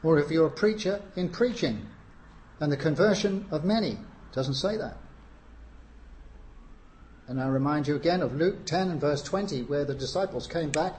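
Male preacher, fairly high voice, unhurried delivery with pauses, faint room hiss behind. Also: a little mellow. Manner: unhurried, frequent "uh" pauses, rising emphasis on key phrases. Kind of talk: sermon.

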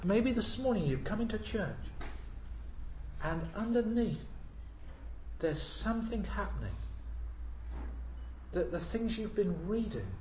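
A man preaching a sermon in a church. He asks the congregation rhetorical questions and swings between loud emphasis and hushed asides. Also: high-pitched, animated, slow pace, pauses often, roomy sound, a little hiss or hum, rough recording.

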